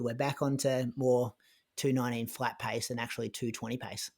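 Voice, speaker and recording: A man's voice: mid-range voice, fairly quick. Chatty man retelling a race. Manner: chatty, lots of "like" and restarts, animated in retelling. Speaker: podcast co-host recounting his race. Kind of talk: casual conversational storytelling.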